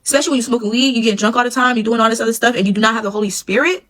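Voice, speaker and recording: A woman's voice: a little high, racing, fairly bright tone, poor audio. A woman, emphatic and preachy, telling a casual storytime about her past relationship.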